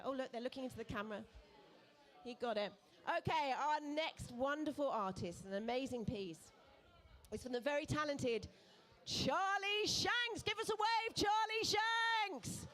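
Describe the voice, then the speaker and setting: A woman with a high, bright-pitched voice works a live charity auction in a pub. She calls each bid briskly and coaxes and teases the bidders with playful banter. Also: expressive. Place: pub event room.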